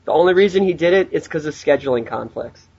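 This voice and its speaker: Husky guy on a podcast, kinda high voice, sarcastic and swears a lot, muffled lo-fi sound. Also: lively intonation, quick pace, a little mellow. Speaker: podcast co-host. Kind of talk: casual movie review chat. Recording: dull lo-fi recording.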